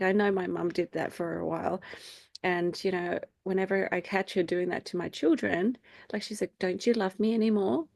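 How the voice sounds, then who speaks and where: A middle-aged woman leads a faith group on a video call, chatting loosely with lots of ums and you-knows. Her pitch sits in the middle for a woman. She often jumps up high to act out other people's lines. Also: no echo. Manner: chatty, many fillers, acts out quotes in a high voice. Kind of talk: casual talk to a group.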